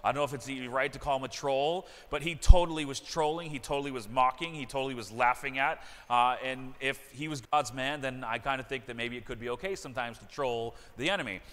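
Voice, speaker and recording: A man's voice: medium pitch, quick pace, hardly any pauses, a bit bright. Earnest man preaching in a reverberant church. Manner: earnest, repeats phrases for emphasis. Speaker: pastor. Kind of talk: sermon. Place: church sanctuary.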